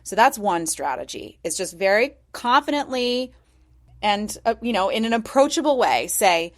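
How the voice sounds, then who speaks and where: A woman guest on a podcast explaining her ideas in a measured, thoughtful, coaching way. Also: medium pitch, expressive. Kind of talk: conversational explanation.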